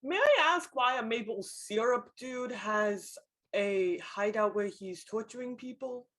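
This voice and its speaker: A woman's voice: a little high, unhurried, a bit bright. A woman playing a tabletop game in character, playful and full of questions. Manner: playful, questioning, laughing often. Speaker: player.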